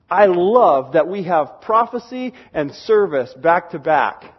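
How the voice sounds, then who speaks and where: A man's voice: high-pitched, animated, slow, hardly any pauses, slightly rough, muffled recording. A man preaching a sermon, explaining a scripture passage and reading verses aloud while stressing key words.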